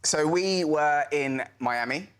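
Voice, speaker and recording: A man's voice: fairly high pitch, takes it slowly, clear, resonant tone. A man on a comic panel show telling an anecdote in an earnest, detailed way.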